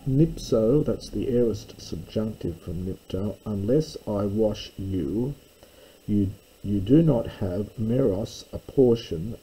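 A man teaching a slow verse-by-verse Greek lesson, stopping often to explain words and grammar. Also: on the low side, warm tone, breathy edge, poor audio. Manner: careful, stops to explain grammar.

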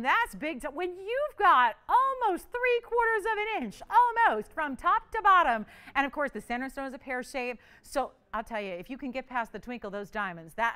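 A woman's voice: sits high, sharp tone, clear, resonant tone. A woman hosting a live jewelry shopping auction, bubbly and chatty, teasing her crew as she calls out the bids.

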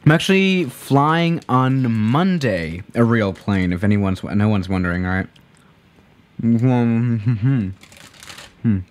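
A man's voice: mid-range voice, expressive, slow pace. A man chatting casually on a live stream while playing a flight simulator, rambling and correcting himself as he goes. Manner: rambling, self-correcting, laid-back.

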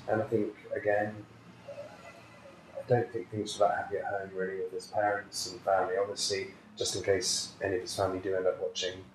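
A man's voice: sits low, a little hiss or hum. Earnest British man in echoey room. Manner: emotional, earnest, reflective. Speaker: psychic healer, guest. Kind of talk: personal storytelling in an interview. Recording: very echoey room, faint ambience.

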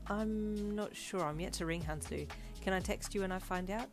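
A woman's voice: medium pitch, normal speed, over music, lightly acted. A woman reading the lines of a determined young woman, earnest and playful, in a fanfiction story. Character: determined young woman, team leader in a game.

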